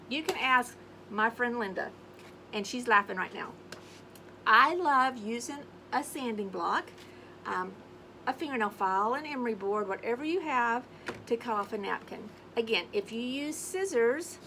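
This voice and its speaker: Brief: a woman host of a casual crafting video, slightly high pitched, chatty and sing-songy, with audible background noise. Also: a bit bright, low-quality recording. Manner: chatty, sings little scat tunes while working. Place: home craft space on an acreage.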